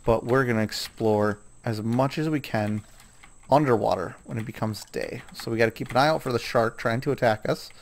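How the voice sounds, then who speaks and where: A man's voice: mid-range voice, normal speed, a little hiss or hum. A man casually commenting on his own gameplay, chatting to himself and scolding the animals in the game.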